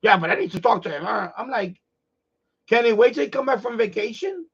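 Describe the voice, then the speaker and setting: Gravelly, blunt middle-aged man ranting. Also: very high-pitched, a little fast, muffled recording. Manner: blunt, profane, animated storyteller. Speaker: live stream host. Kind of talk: casual ranting chat.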